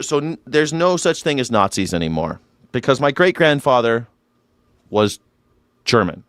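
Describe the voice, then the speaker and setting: A man's voice: mid-range voice, sing-song, normal speed, a bit bright, no room sound. A man hosting a live news reaction show, talking in a sarcastic, irreverent way and swearing freely.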